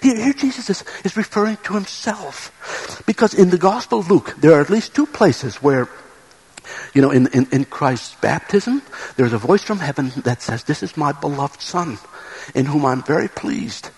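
Husky-voiced man, pitched high and lively, preaching an earnest, halting sermon. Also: low-quality recording. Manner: earnest, repeats words when building a point.

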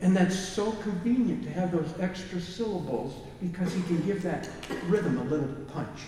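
A man's voice: high voice, moderate pace, dark tone, a little hiss or hum. A man giving an informal music lecture, hesitating with fillers and singing short phrases to show the rhythms. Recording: echoey hall from far off.

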